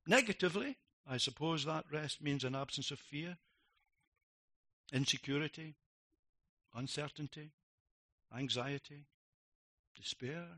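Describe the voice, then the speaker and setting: A middle-aged man preaching a sermon, emphatic, swinging between loud declarations and quiet reflective lines. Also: fairly high pitch, animated, measured pace, pauses often.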